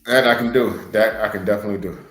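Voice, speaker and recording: A wrestler and podcast co-host offers earnest motivational words, often repeating phrases to drive a point home. His voice sits on the low side. He sounds roomy and echoey, with faint music behind him. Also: steady tone, rapid-fire, fairly bright tone. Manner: earnest, repeats himself for emphasis. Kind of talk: casual motivational talk.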